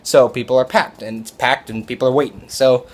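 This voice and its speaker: A man's voice: medium pitch, steady tone, brisk. A young man who works as a restaurant server, telling a story in a casual, rambling way, with frequent fillers and restarts.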